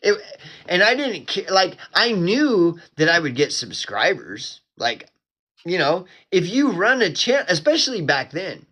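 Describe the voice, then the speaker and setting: A man's voice: high voice, sing-song, unhurried. A man hosting his own channel, rambling in a profane casual rant, full of "dude" and "bro", flaring into angry quotes. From Oklahoma. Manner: flares up into angry shouted quotes. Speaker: channel host. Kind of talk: casual ranting monologue.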